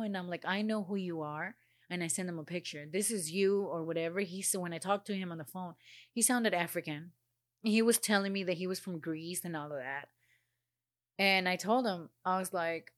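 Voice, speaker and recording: A woman's voice: fairly low pitch, normal speed, no room sound, clean studio sound. Blunt, swearing woman telling a story. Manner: blunt, swears freely, vents with quoted dialogue. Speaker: vlogger telling a personal story. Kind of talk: casual storytime monologue.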